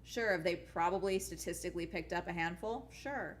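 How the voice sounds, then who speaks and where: A woman's voice: fairly low pitch, brisk, slight background noise. A young adult woman YouTuber chatting casually on a live stream while gaming, ranting bluntly and swearing often.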